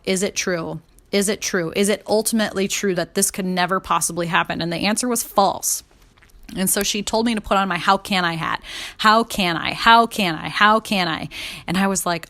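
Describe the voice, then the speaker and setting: A woman's voice: fairly low pitch, fairly bright tone. A young adult woman telling a personal story casually and candidly, swearing freely and acting out her own inner voice. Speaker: podcast host and coach.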